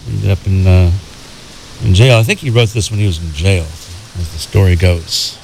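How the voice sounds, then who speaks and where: A man's voice: deep voice, moderate pace, gravelly, a little hiss or hum. A man working as a radio DJ, back-announcing records in a loose, rambling way with lots of fillers. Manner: relaxed, rambling, many "uh" fillers. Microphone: studio microphone.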